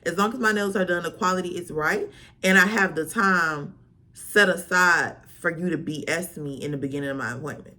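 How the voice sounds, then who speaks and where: A woman vlogger tells a storytime in a sassy, animated way, packed with slang. Her voice sits a little low but comes across bright and forceful. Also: brisk. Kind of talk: storytime vlog.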